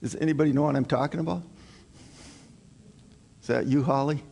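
A man's voice: fairly high pitch, steady tone, brisk, gravelly, darkish tone. A male pastor preaching a sermon to his congregation in an earnest, emphatic way, repeating his key points. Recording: long hall reverb.

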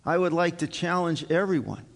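A man preaching a communion sermon as pastor, slow and earnest, building to emphatic high points. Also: vocal fry, big-room sound. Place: church sanctuary.

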